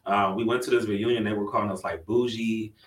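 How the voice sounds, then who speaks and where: A man's voice: on the low side, steady tone, brisk. A man from Toledo, Ohio, telling a story in a laid-back way and laughing often. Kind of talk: casual chat. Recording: roomy sound from a distant mic.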